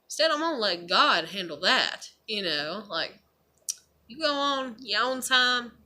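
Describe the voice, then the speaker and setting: A woman's voice: on the high side, lively intonation, unhurried, sharp tone. A young woman talking candidly to the camera in a rambling personal vlog, swearing freely. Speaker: vlogger. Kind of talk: casual personal vlog monologue.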